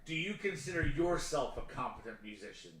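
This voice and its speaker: A man co-hosting a podcast in casual chat, ranting with plenty of swearing and getting loud and animated. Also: medium pitch, a little fast, reverberant, slight background noise, rough recording. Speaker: podcast co-host.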